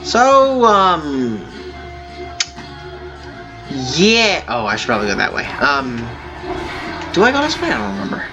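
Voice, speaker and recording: A man hosting a gaming video, telling a long story in a halting, rambling way with many fillers while he plays. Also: on the high side, wildly swooping pitch, over music. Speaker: gaming channel host. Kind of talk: telling a story over gameplay.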